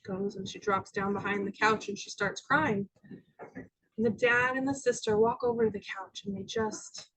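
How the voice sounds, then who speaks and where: A woman minister giving a spiritual talk to a congregation, telling personal stories and sometimes dropping to a soft near-whisper. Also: a little high, animated, normal speed, pauses often, rough recording. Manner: storytelling, acting out quoted voices, dropping to soft near-whispers. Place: church sanctuary with audience.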